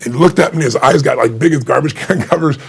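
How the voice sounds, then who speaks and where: A middle-aged man, an author being interviewed, telling an emotional story with animated retold dialogue and frequent laughs. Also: fairly high pitch, quick pace, vocal fry, husky. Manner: animated, acts out quoted dialogue, laughs often. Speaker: author and guest.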